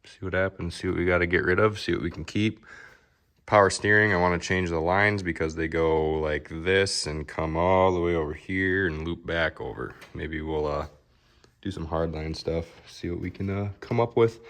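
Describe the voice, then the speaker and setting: A man's voice: low-pitched, normal speed, fairly bright tone. A young man working as a car fabricator, casually rambling through a shop vlog with lots of fillers. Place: car workshop.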